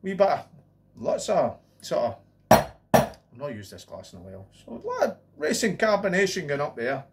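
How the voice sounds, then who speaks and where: A man's voice: on the high side, huge pitch swings, normal speed, creaky, heavy background noise. A man casually reviewing a cheap lager, rambling on with jokey asides and running gags. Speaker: beer reviewer. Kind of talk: casual beer review vlog.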